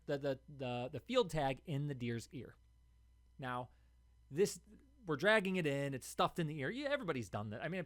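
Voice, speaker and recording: A young man hosts his own podcast and tells the story in a loose, unscripted monologue. He gets heated and circles back, repeating words as he pushes his point. His voice sits at a middling pitch, and the recording is dry and close. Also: no echo. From Ohio. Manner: heated, repetitive, restarts words when worked up. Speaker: podcast host.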